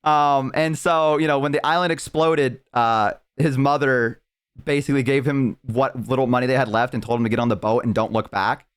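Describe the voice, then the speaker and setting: A man's voice: mid-range voice, fairly even intonation, normal speed, clean tone. A male streamer chatting casually, rambling on tangents as he tells a long story. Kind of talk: casual chat.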